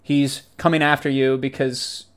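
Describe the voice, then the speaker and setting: A man's voice: medium pitch, flat delivery, a little slow. A man in casual, profane, joking chat who often trails off mid-sentence.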